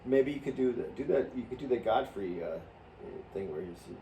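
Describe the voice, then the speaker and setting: A man co-hosting a podcast, chiming in quickly with suggestions. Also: mid-range voice, expressive, warm tone. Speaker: podcast co-host. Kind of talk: casual chat. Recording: roomy, distant mic with faint noise.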